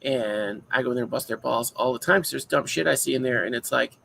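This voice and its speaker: A man co-hosting a casual podcast chat, an animated storyteller who acts out his own shouts. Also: mid-range voice, fast talker, creaky, slight background noise, poor audio. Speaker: podcast co-host.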